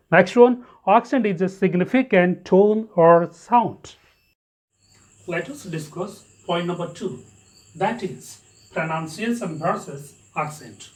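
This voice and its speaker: A man with an Indian English accent teaching an English lesson. He spells words out letter by letter and checks with his students as he goes. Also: high-pitched. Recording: echoey room, mic at a distance.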